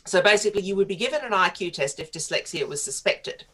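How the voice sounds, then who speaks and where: A woman's voice: medium pitch, animated, fast talker, fairly bright tone. A middle-aged woman, a writer interviewed on talk radio, telling stories in a chatty way with frequent laughs. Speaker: guest writer.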